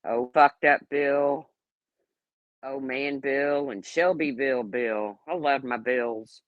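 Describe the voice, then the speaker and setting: Deep-voiced woman telling casual stories. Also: slow pace, no room sound, narrow, tinny audio. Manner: candid, swears freely, acts out quotes. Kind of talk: casual storytelling.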